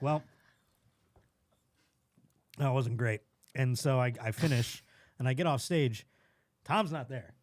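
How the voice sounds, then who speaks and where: A man's voice: medium pitch, a little mellow, dry recording. A comedian from Buffalo, New York, telling a story as a podcast guest, acting out scenes in quoted voices and laughing as he goes.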